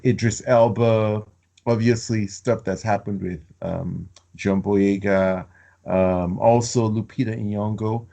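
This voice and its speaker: Low gravelly man, rambling and halting. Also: mellow. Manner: rambling, halting, many fillers. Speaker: podcast co-host. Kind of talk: casual film chat.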